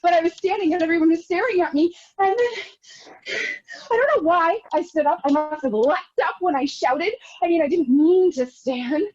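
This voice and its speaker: An extremely high-pitched young woman speaks at a moderate pace while acting out a theatre monologue on a video call. Her character is a neurotic, self-pitying married woman who rambles anxiously and bursts into shouts that are nearly tearful. It's a scene study, and the call audio is dull and lo-fi.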